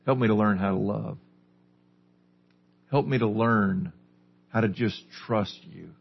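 A man delivers a sermon in a low, husky voice, putting questions to his listeners and then answering them. The recording is dull and lo-fi. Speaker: pastor.

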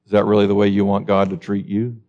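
A man preaching a sermon with passion, climbing to high, emphatic peaks when he quotes scripture and pressing his listeners with direct questions. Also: completely flat delivery, quick pace, darkish tone, dull audio. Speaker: pastor.

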